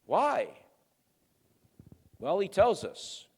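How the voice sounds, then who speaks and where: A male pastor giving an emphatic sermon, swinging between quiet and loud and answering his own rhetorical questions. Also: sits high, huge pitch swings, drawn-out words, gravelly, slightly rough, big-room sound.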